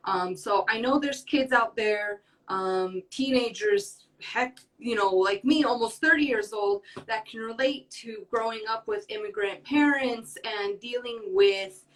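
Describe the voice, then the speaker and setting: A woman's voice: a little high, a little slow, few pauses, fairly bright tone. A woman in her twenties from the United States, a podcast guest talking earnestly and rambling a little, with many fillers. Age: 20s. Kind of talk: casual interview talk. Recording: voice from far off the mic.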